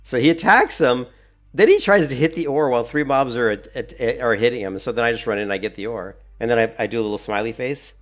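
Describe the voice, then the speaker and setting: A man's voice: medium pitch, quick pace. A man giving casual, sarcastic gameplay commentary while he plays. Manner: chatty, sarcastic, mocking. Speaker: gaming video creator.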